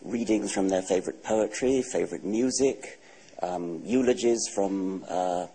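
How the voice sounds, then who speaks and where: A man in his sixties with an English accent, a guest author answering questions in a TV studio interview in a measured, dry, matter-of-fact way. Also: low-pitched, mellow, husky, poor audio. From England. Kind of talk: TV talk show interview.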